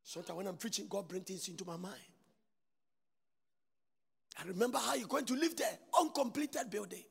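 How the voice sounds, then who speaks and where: A man with a Ghanaian English accent preaching a sermon as a prophet to his congregation. He swings from shouted declarations to hushed asides. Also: high-pitched, normal speed, creaky, long pauses, breathy edge. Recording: long hall reverb.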